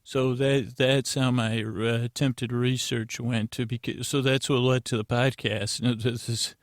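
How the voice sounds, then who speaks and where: A man's voice: mid-range voice, little pitch movement, a little slow, no echo, clean studio sound. A man hosting a bedtime podcast, rambling and meandering with many restarts. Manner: meandering, self-interrupting, drowsy. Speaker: podcast host.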